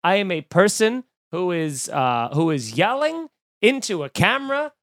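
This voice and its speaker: Brief: male podcast host, lively storyteller, high voice, dry close sound. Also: a little slow, no room sound. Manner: animated, acts out quoted voices. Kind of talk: casual chat. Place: home room.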